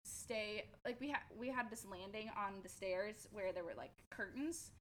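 A woman in her twenties chatting casually and telling lively stories. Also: medium pitch, normal speed, slight background noise. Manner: animated storyteller. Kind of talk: casual chat.

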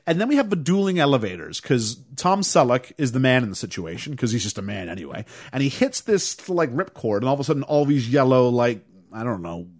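Man, podcast movie recap, lively swooping pitch, acts out quotes. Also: fairly quick, hardly any pauses. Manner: animated storytelling, acts out quotes in raised voices. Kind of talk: casual movie recap chat.

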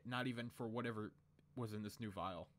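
A man voicing an awkward, excitable young boy who shows off his new voice, in a fan comedy dub over a video call. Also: lowish voice, a little fast, lightly acted. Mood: sincere.

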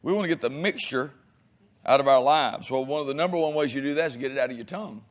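A male pastor delivers a sermon full of folksy humor and frequent amens, shifting from loud exhortation to quiet asides. His voice is medium in pitch and his pace is fast.

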